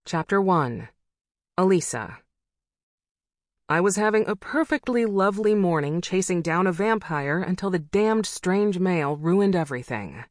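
A woman reading a first-person novel aloud as an audiobook narrator, with wry, brisk storytelling. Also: on the low side, lively intonation, no echo, studio quality.

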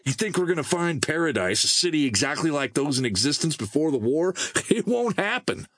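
A man's voice: a little high, very animated, brisk, fairly bright tone, dry recording, voice pushed up. Man doing a snappy, scornful young scavenger. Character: sarcastic hot-tempered young male wasteland scavenger.

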